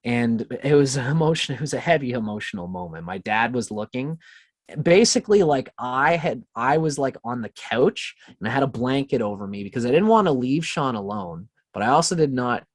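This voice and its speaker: Man, podcast guest, casual storytelling, profane, animated, middle-pitched voice, dry close sound. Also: brisk, no echo.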